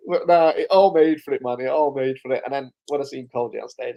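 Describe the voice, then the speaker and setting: Talking fast with few pauses, this host has a medium-pitched, dark voice with vocal fry. In his live-stream recap he tells stories loosely and casually, swearing freely and chuckling throughout.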